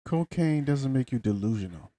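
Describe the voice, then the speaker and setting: A man's voice: medium pitch, lively intonation, normal speed, warm tone, no echo. A man co-hosting a podcast, cutting in with blunt remarks in a casual chat. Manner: blunt, insistent interjections. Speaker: podcast co-host.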